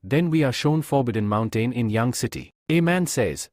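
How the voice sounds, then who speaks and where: Male recap narrator, lively pitch, dry close-miked sound. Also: moderate pace, few pauses, dry recording. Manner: steady storytelling. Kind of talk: scripted comic recap narration.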